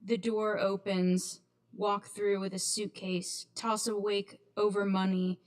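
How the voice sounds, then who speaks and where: A woman reciting her poetry at an open mic, in a slow, measured delivery. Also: mid-range voice, flat delivery. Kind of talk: poetry reading. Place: kava bar open mic.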